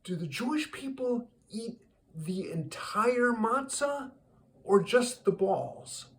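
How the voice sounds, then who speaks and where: A man voicing a naive, plainspoken male president with a high, eager way of asking. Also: sing-song, slow pace, exaggerated voice.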